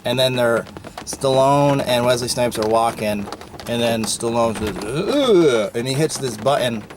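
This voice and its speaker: A man's voice: medium pitch, fairly even intonation, moderate pace, background noise. A man hosting a podcast, giving a casual, opinionated movie review with frequent ums and uhs. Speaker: podcast host.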